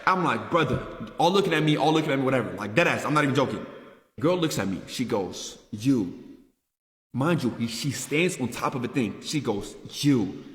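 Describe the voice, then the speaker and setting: A man animatedly telling a story to his stream chat, jumping from loud outbursts to hushed asides. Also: mid-range voice, expressive, fast. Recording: echoey, roomy reverb.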